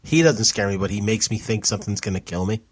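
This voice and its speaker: A podcast co-host tells stories in casual chat, laid-back and swearing often while tossing out "bro" and "dude." His voice is on the low side, expressive, and quick.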